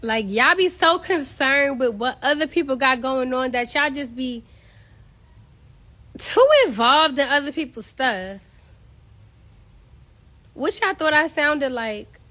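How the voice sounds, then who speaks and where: A woman's voice: high voice, bright, forceful tone. A woman from Queens, ranting bluntly and with exasperation on a casual phone livestream from home. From Queens, New York. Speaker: social media personality.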